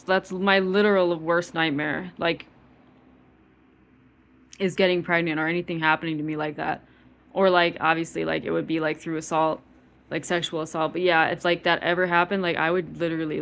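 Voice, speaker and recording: A woman's voice: lowish voice, fairly bright tone. A young woman vlogging an angry personal monologue, profane and heated, with lots of "like" fillers.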